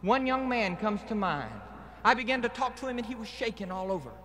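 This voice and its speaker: A man's voice: high voice, fairly quick, big-room sound, a little hiss or hum. A man with a Southern accent giving a plain-spoken, earnest personal testimony from a stadium stage, in an old archival live recording. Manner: earnest, plain-spoken, steady preaching cadence. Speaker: guest speaker giving testimony. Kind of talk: evangelistic testimony speech. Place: outdoor stadium rally.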